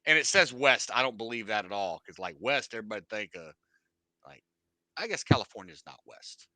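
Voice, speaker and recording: A man's voice: fairly low pitch, animated, fairly quick, bright, forceful tone, no room sound. A man from the United States hosting a casual podcast, rambling and joking with a lot of profanity. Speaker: podcast host.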